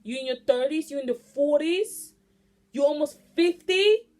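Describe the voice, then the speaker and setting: A young woman near twenty, pitched a bit high, talks straight to her audience in a casual venting monologue. She rants bluntly and swears freely, keeping her delivery loose and animated throughout. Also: measured pace. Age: late teens. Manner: blunt, profane, animated ranting. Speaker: vlogger.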